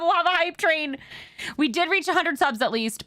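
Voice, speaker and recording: A woman's voice: very high voice, expressive, quick pace, bright, forceful tone. A woman streamer gushing thanks to her chat between bits of roleplay as a police sergeant.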